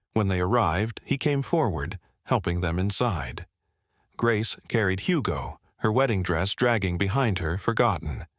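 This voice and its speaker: A man with a very deep voice narrates a scripted story at a measured, even pace. The sound is dry and close, with no room echo. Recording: dry close-miked voice-over.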